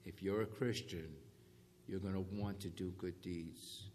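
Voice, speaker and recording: A man's voice: low voice, unhurried, a little hiss or hum. A man preaching a sermon, calling for amens and checking that the congregation follows along. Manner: call-and-response, animated emphasis on key phrases. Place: church hall. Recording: echoey hall with faint ambience.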